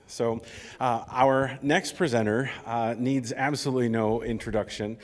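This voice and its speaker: A man's voice: mid-range voice, steady tone, normal speed. A man acting as emcee, welcoming the audience with upbeat, enthusiastic remarks and lots of fillers. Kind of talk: stage welcome and introduction. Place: large ballroom stage. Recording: reverberant ballroom sound.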